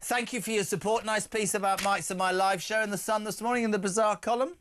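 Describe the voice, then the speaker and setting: Man, talk radio host, joking around, fairly high voice. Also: fairly even intonation, fairly bright tone, a little hiss or hum. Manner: jokey, quick asides, laughs at own lines. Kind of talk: lively talk radio, reading listener texts.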